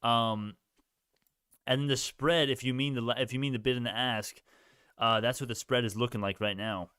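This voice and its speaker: A man's voice: medium pitch, fairly even intonation, moderate pace, pushed and bright, smooth, dry recording, clean studio sound. A man hosting a stock market live stream, answering viewer questions in a rambling, casual way while thinking aloud. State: sleepy, yawning. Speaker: stock livestream host.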